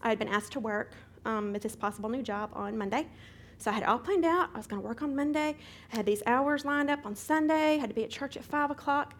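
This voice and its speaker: A middle-aged woman teaching a Bible study, retelling a hectic day as an animated testimony with sound effects. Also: fairly high pitch, fast talker, a little hiss or hum.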